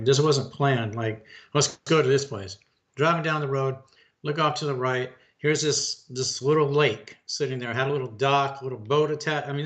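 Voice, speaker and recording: A man's voice: medium pitch, a bit bright. A middle-aged man co-hosting a casual talk show, telling a long story in a folksy way and calling listeners folks and bud. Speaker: podcast co-host.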